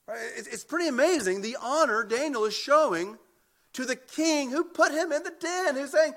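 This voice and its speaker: Bright-voiced preacher man, emphatic. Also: very high voice, expressive, normal speed. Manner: emphatic, repeats words when building a point. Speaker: pastor. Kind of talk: expository sermon.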